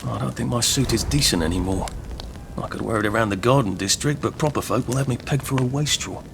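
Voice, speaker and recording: A man's voice: medium pitch, fast, gravelly, close to an everyday voice. An actor playing a nervous, polite young Englishman in a video game, dry and muttering asides to himself, with an English accent. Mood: musing. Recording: noisy game audio.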